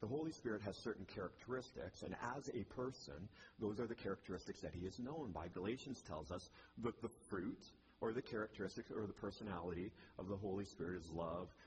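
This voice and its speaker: A man's voice: lowish voice, quick pace, background noise. A male pastor giving a sermon in a church, with a conversational manner and wry asides.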